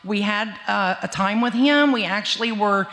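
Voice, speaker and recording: A woman at a memorial speaks in a mid-pitched voice, halting and emotional as she shares a memory. Her words ring out into a long church reverb. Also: fairly bright tone. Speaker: peer recovery specialist. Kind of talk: memorial remembrance. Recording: echoey church hall over speakers.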